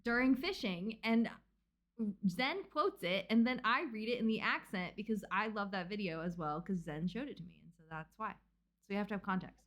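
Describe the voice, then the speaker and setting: A woman's voice: medium pitch, animated, normal speed, fairly bright tone. A young woman co-hosting a casual book club livestream, laughing often as she chats. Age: young adult.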